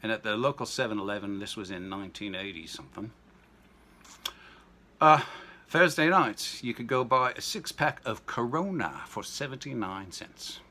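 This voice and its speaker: A man's voice: on the low side, expressive, moderate pace, sharp tone. A man in his sixties chatting casually through a home cocktail demo, rambling into jokey asides and anecdotes. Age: 60s. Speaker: home cooking vlogger. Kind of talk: casual kitchen demo chat.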